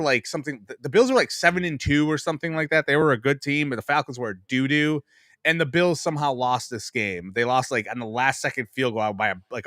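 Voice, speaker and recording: A man's voice: mid-range voice, fairly bright tone, no echo. Guy in his 40s rambling thru old football stories, swears a lot, dry close mic. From Buffalo, New York. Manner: rambling storyteller, profane, self-mocking. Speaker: podcast guest. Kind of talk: casual sports chat.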